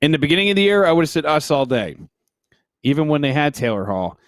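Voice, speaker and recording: A man's voice: fairly high pitch, very animated, quick pace, no echo. A man co-hosting a sports podcast, joking and sarcastic in casual banter. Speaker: podcast co-host.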